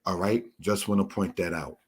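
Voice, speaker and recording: A man teaching a Torah lesson, explaining word meanings in a measured way and addressing his listeners as brothers and sisters. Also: low voice, fairly even intonation, slightly rough. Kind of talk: slow spoken Bible lesson.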